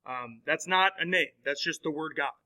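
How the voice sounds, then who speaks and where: Man lecturing a class, bright voice. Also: a little high, moderate pace, rough recording. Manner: conversational, with frequent fillers and questions to the class. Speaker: teacher.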